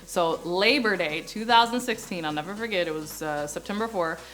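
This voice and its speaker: A young American woman who works as a business coach on YouTube tells her own story in an animated vlog, acting out the voices of the people she quotes. Her voice is fairly low-pitched and her pace is moderate.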